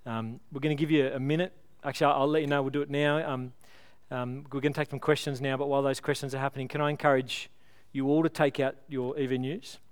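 Earnest pastor preaching, smooth voice. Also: male voice, medium pitch, little pitch movement. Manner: earnest, pleading, builds with illustrations then slows to prayer. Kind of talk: sermon. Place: church service.

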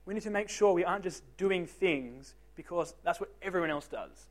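High-voiced young man, joking youth speaker. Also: expressive, normal speed. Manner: joking, self-deprecating storyteller; talks straight to the teens with questions. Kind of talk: casual youth group talk.

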